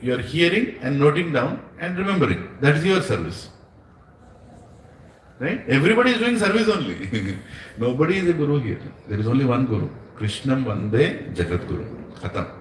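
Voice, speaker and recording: A man's voice: fairly high pitch, sing-song, brisk, far from the mic. Indian english guy giving a devotional talk, keeps asking the crowd stuff, echoey room, faint background hum. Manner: storytelling, asks the audience questions, laughs often. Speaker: spiritual teacher. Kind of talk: devotional satsang lecture. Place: room with a small gathering.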